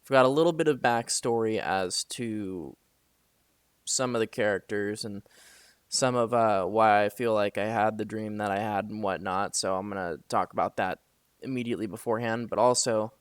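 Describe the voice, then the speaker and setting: A man's voice: lowish voice, normal speed, smooth, no echo. A young man telling a story to his camera late at night, rambling with many fillers and swearing when he vents. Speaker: vlogger.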